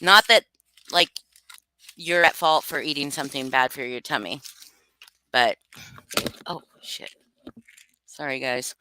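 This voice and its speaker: A woman's voice: rumbling low, slow, long pauses, bright, forceful tone, clean tone. A woman hosting a casual live stream, reading chat aloud and chatting loosely with some swearing. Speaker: streamer host.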